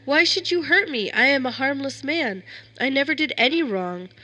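Woman reader as terrified male secretary in a spoken story, high, desperate pleading. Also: animated, normal speed, sharp tone, exaggerated voice.

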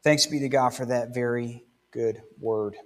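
A man's voice: medium pitch, fairly even intonation, a little slow, long reverb tail. A man preaching a sermon as pastor, conversational and emphatic, stretching out words for stress. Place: church sanctuary.

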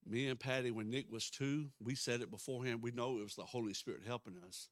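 Fervent pastor, emphatic sermon. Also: male voice, mid-range voice, steady tone, fast talker, no echo, studio quality. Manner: emphatic, swings between loud declarations and soft asides. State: out of breath.

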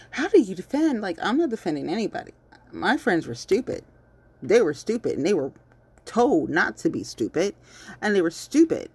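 A woman giving a blunt, animated casual commentary monologue on local politics, swearing freely. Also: low voice, slightly rough.

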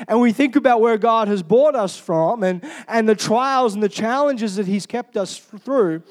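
High-voiced man preaching. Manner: energetic, humorous, asks the congregation "Amen?". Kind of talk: sermon.

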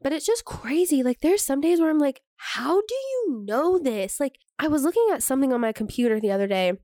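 A woman's voice: sits high, fast, warm tone, no echo, studio quality. A young woman co-hosting a podcast, talking casually, laughing often and swearing now and then. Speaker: podcast co-host. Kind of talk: casual chat.

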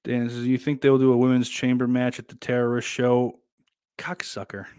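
A man's voice: medium pitch, completely flat delivery, normal speed, a little mellow, clean tone, dry recording. A man hosting a livestream who swears freely, rambles in a casual way and reads viewer comments aloud. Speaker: livestream host reading chat. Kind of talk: casual chat. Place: indoors, at home.

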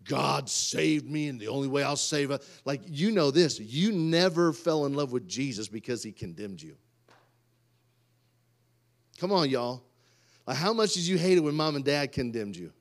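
A man, preaching a sermon and swinging from loud outbursts to quiet asides. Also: mid-range voice, lively intonation, moderate pace. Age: 30s. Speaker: pastor.

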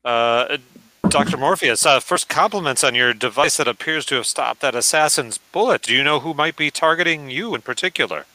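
A man's voice: mid-range voice, fairly quick, pushed and bright, slight background noise, poor audio. A man playing a tabletop game, chatting in a casual, joking way. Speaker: player.

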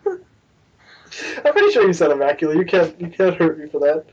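A man's voice: a little high, wildly swooping pitch, measured pace, pauses often, a little mellow, husky. A man co-hosting a podcast in casual chat, joking and self-deprecating. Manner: joking, self-deprecating, tries silly voices. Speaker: podcast co-host. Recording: dull lo-fi sound with faint noise.

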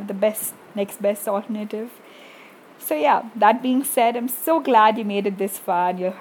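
A young woman with a squeaky voice rambles through a casual solo podcast, joking at her own expense and leaning on fillers. Her pitch sits in the middle, and a faint hiss runs under the recording. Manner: self-deprecating, rambling with many fillers. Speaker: podcast host.

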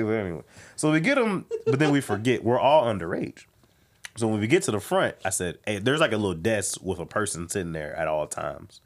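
A guest comedian, a young man with a medium-pitched voice, talks briskly as he tells a story in casual chat. He is lively, acting out the voices of the people he quotes.

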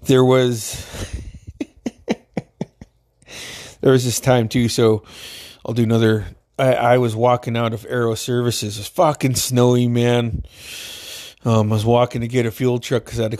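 A man's voice: medium pitch, level tone, normal speed, pauses often, a little mellow. A man from Alaska telling funny stories in a casual way, swearing constantly and laughing often. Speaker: storyteller. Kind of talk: casual storytelling.

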